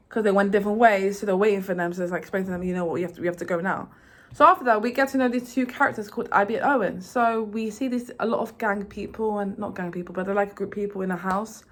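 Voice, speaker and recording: Rambling young woman recapping a game. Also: medium pitch. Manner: rambling, excitable retelling with many fillers. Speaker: vlogger.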